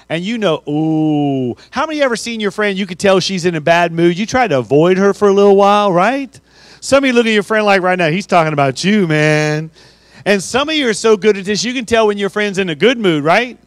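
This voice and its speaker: A man giving a motivational talk as guest speaker at a high school assembly, joking and talking straight to the students. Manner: lively, joking, talks straight to the crowd. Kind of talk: motivational storytelling. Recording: live audience crowd in a theater.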